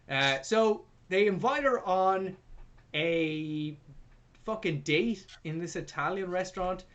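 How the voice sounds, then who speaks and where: A man's voice: high voice, measured pace, a bit bright, lo-fi sound. A man co-hosting a film review podcast, recapping the plot in casual, sarcastic, sweary chat.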